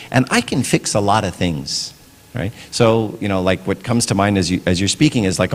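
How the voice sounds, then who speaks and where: A middle-aged man giving a casual parenting talk at church, conversational, often asking "right?". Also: low voice. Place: church hall. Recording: long hall reverb.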